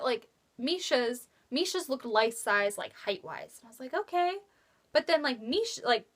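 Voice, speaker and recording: A young woman telling a rambling story in a casual vlog, swearing freely and acting out quotes with sudden jumps in pitch. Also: fairly bright tone. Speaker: vlogger.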